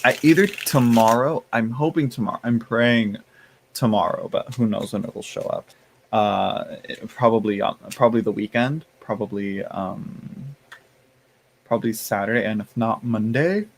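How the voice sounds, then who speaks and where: Sounding lowish at a moderate pace, with a little hiss or hum in the audio, the tarot streamer chats on, clearly tired and yawning at times. He rambles, restarting often and filling gaps, while tossing playful sass at his chat as y'all and honey.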